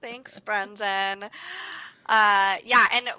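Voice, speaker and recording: Bright, bubbly young woman co-host. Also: mid-range voice, steady tone, drawn-out words, clean tone, low-quality recording. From United States. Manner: bubbly, laughs often, exclaims "oh my gosh". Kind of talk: casual livestream chat.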